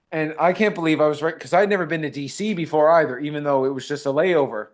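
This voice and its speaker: A man's voice: fairly high pitch, fast, few pauses. A man, an actor, talking modestly in a casual interview and retelling fan encounters with quoted dialogue. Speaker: actor guest.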